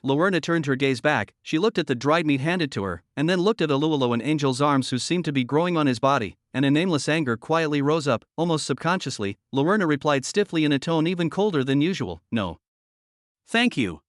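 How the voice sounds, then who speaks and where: A man narrating a scripted comic recap with a steady, even delivery. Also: a little high, quick pace, few pauses, dry recording, studio quality.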